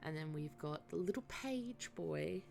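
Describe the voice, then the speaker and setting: Woman, gaming streamer, casual chat, self-deprecating, slow, gravelly low voice. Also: lively intonation, a little mellow, slight background noise. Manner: chatty, self-deprecating, thinking aloud. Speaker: live-streamer.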